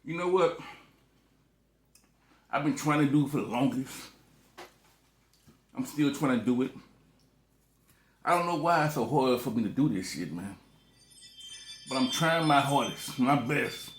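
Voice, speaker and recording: A man's voice: mid-range voice, animated, unhurried, long pauses, a bit bright, reverberant. A man eating on camera in a casual vlog, talking loosely with lots of cussing and joking between bites. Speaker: food vlogger.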